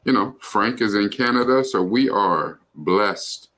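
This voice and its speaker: A man's voice: lowish voice, lively intonation, measured pace, bright, forceful tone. A man co-hosting a livestream, chatting casually in a rambling, loose way with lots of fillers and the odd swear word. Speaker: livestream co-host. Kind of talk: casual chat.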